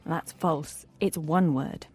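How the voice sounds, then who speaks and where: Mellow-voiced female English teacher. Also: deep voice, fairly even intonation, slow, faint music behind. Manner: friendly, clearly articulated explaining. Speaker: co-host of an English vocabulary lesson. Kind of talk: scripted teaching dialogue.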